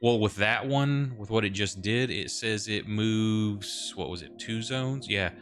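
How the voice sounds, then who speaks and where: A man's voice: on the low side, measured pace, fairly bright tone, soft background music. A man running a tabletop horror game as game master, explaining rules loosely with many fillers.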